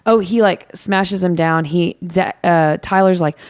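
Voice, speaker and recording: A woman's voice: fairly low pitch, steady tone, moderate pace, a little mellow, clear, resonant tone, dry recording, clean studio sound. A woman co-hosting a podcast, recapping a film scene in casual chat, with lots of ums and quoted lines. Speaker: podcast co-host.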